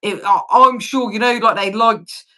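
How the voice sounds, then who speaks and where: A woman's voice: on the high side, normal speed, sharp tone. A British woman in her forties hosting a casual livestream chat, talking loosely, laughing often and swearing freely. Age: 40s. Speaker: livestream host.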